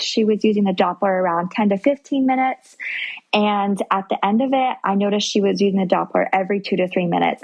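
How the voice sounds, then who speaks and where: Young adult woman, slight vocal fry, earnest storyteller, podcast guest at home. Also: mid-range voice, a little mellow, muffled recording. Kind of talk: telling her birth story. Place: on her bed at home.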